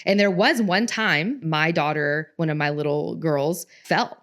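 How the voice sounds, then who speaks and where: A woman's voice: sits low, a little slow. A woman co-hosting a parenting podcast, talking earnestly and telling a personal story in casual conversation. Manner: earnest, storytelling, animated quoting. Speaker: podcast co-host.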